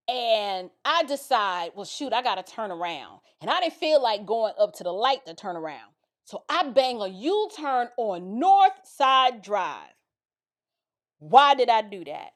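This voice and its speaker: A woman from the Bronx, telling a personal story in a casual, animated way with asides to her listeners. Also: on the high side. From the Bronx, New York. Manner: animated, dramatic retelling with lots of asides to the listener.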